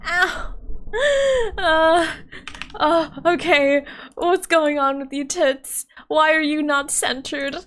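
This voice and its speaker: Woman, live-stream chat, squeaky high voice, unhurried delivery, flustered, giggly. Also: little pitch movement, fairly bright tone, slight background noise. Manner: giggly and flustered, frequent laughs and self-interruptions. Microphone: desk microphone.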